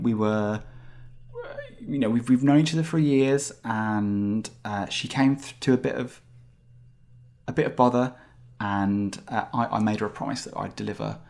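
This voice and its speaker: A man's voice: lowish voice, darkish tone. A man voicing a nervous, stammering female talking hamster in a tabletop game. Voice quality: gravelly, halting, stammering.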